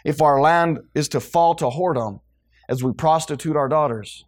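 Man, high-pitched preacher, fiery sermon, loud then hushed delivery, church congregation. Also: moderate pace. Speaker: pastor.

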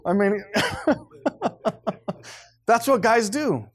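A man's voice: high voice, takes it slowly, long pauses, slight background noise. A man, preaching a blunt, emphatic sermon as pastor. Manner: blunt, emphatic preaching, grows loud and animated.

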